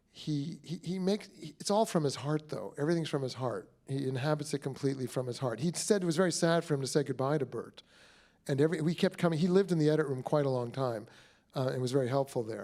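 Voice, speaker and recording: A man's voice: medium pitch, dark tone. A middle-aged man, a film director, talking about his work at a screening Q&A, rambling and effusive with many restarts. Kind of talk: Q&A talk after a screening.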